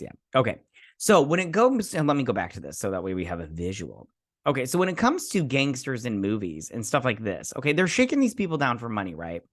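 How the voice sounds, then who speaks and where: A man's voice: fairly low pitch, a bit bright. A man hosting his own channel, giving a casual, rambling review and recap of a TV episode with frequent asides.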